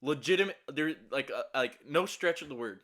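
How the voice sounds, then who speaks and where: A young man tells a story in casual talk, rambling and swearing as he stumbles through restarts and fillers. He sounds shaky and anxious, and his pitch sits in an ordinary middle range. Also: lively intonation, normal speed, fairly bright tone.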